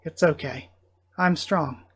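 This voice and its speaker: A man's voice: a little high, slow pace, husky, heavily acted. A man reading as a brave young woman. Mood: reassuring. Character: brave young woman saying farewell calmly.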